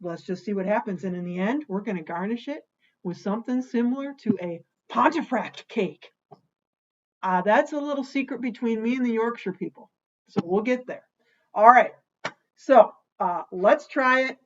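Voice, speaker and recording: A woman's voice: fairly high pitch, normal speed, lo-fi sound. Playful woman hosting a cocktail vlog. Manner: playful, jokey, talks to herself by name. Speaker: host of a home cocktail show. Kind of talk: casual cocktail-making vlog.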